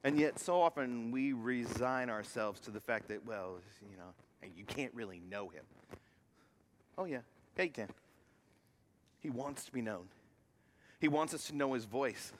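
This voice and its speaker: A man preaching a sermon as pastor, moving from loud emphatic lines to hushed near-whispers and acting out voices in his stories. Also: medium pitch, expressive, unhurried, pauses often, a little hiss or hum. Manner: acts out quoted voices while telling a story.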